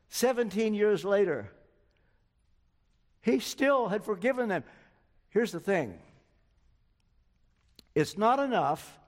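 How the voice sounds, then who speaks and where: Older male preacher in a reverberant hall. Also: fairly high pitch. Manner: storytelling, acts out quoted dialogue. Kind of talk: sermon.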